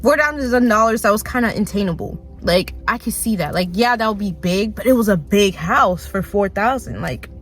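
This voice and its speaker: A young woman talks into her phone in a loose, rambling vlog rant, packed with "like" and little laughs. Her pitch sits in an ordinary middle range. Soft music plays faintly behind her. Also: lively intonation. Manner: rambling, lots of "like", quick laughs and mock voices. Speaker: vlogger. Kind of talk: casual rant to camera.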